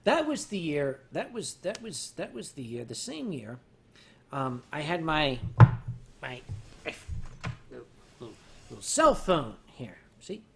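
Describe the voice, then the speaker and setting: An older man hosting a livestream, rambling through stories to his chat while drinking, mocking himself and turning loud on the punchlines. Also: on the high side, big pitch swings, a little slow, gravelly, pauses often, noisy background. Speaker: livestream host. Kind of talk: casual storytelling to a chat.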